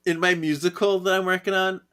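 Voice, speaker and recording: A man co-hosting a podcast, chatting casually through a comic recap. His voice sits a little high and he giggles often as he talks. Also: little pitch movement, fairly quick, bright, forceful tone, clean tone. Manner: giggly, acts out quoted lines. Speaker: podcast co-host.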